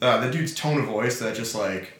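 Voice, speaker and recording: A man's voice: mid-range voice, normal speed, a bit bright, reverberant. A man co-hosting a podcast, casually reviewing a TV series with lots of fillers and frequent laughter. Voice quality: laughs often, many fillers. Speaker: podcast co-host.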